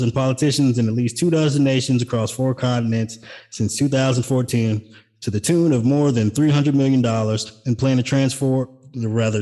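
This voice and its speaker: A man's voice: medium pitch, mellow. A man co-hosting a political podcast, chatting casually with sarcastic, jokey asides and reading news items. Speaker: podcast co-host.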